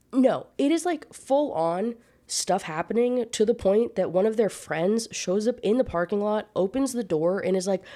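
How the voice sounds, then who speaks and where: A woman's voice: mid-range voice, warm tone. A young woman reviewing a book in a casual rant, sarcastic and exasperated, swearing freely.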